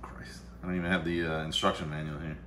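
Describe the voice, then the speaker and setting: Male vlogger, deep, punchy delivery; loose, swearing, muttering asides; faint background noise. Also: level tone, quick pace, bright, forceful tone. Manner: rambling, profane, mutters to himself. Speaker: vlog host. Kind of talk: casual chat while making coffee. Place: home kitchen-dining room.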